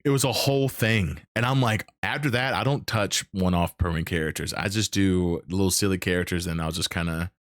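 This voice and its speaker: A man hosting a casual chat, telling animated stories, acting out characters, swearing and laughing often. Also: low-pitched, brisk, hardly any pauses, no echo, studio quality. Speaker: host.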